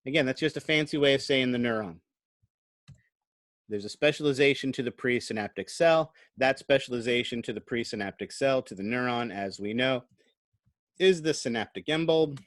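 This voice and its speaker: A man's voice: mid-range voice, moderate pace, fairly bright tone, dry recording. A man giving a recorded online lecture into a computer microphone, explaining things conversationally and often checking in with "right?". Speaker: college lecturer.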